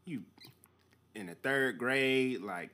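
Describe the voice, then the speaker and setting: A man's voice: medium pitch, slow pace, sharp tone. A man co-hosting a podcast, chiming in with laid-back jokes and asides. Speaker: podcast co-host. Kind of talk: casual chat.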